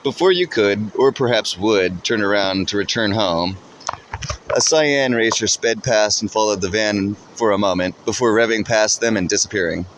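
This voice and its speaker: A man narrates a second-person story in a steady, even read. His voice sits low, and a faint hum of ambience sits behind him.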